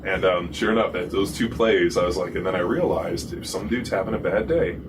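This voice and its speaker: Deep-voiced, fast-talking ex-football lineman. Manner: profane, animated storyteller. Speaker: podcast host, former pro football lineman. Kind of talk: casual storytelling chat. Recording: distant mic with noisy room.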